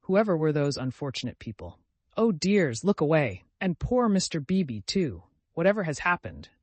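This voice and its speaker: A man's voice: on the high side, big pitch swings, moderate pace, no echo. A man voicing a fussy, flustered older mother who exclaims and scolds in a raised voice. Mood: flustered fussing.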